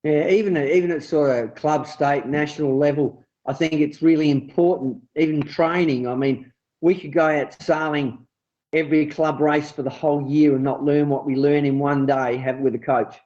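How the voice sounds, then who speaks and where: A man hosting a casual sailing podcast, chatting in a relaxed, storytelling way. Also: on the high side, normal speed. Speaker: podcast host. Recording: muffled lo-fi audio.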